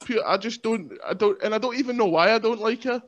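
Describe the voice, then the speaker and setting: A man's voice: sits high, quick pace. A man with a Scottish accent chatting as a podcast guest, joking and rambling in a self-mocking way. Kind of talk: casual chat. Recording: lo-fi, dull sound.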